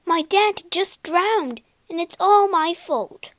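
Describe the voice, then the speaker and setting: A woman voicing an impulsive, emotional wooden puppet boy who cries out his lines high and excitedly. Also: slow pace, no room sound, exaggerated voice. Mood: distraught.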